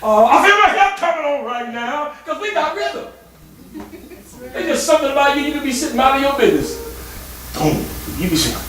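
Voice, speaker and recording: A man preaching a guest sermon, animated and playful, breaking into song, shouts and laughter. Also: very high voice, brisk, a crowd in the background. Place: church sanctuary. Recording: echoey church hall, mic at a distance, congregation. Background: congregation responding.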